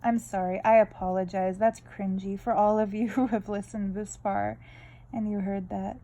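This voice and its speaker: A woman's voice: medium pitch, steady tone, normal speed, warm tone, muffled recording. A woman vlogging about her art, chatting in a rambling, candid way full of tangents while she draws. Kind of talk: casual draw-along chat.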